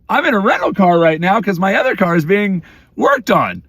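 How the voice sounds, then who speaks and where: A middle-aged father venting in a rapid, exasperated storytime rant, breaking into shouted outbursts. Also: sits high, sing-song, slightly rough, no room sound, clean studio sound. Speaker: vlogger; father of four.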